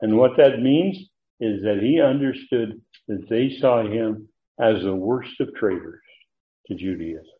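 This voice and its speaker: A man with a fairly low voice leads a verse-by-verse Bible study, pausing often on fillers and restarting his sentences. The sound is thin and tinny, as over a phone line. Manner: halting, frequent fillers and restarts. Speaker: Bible teacher.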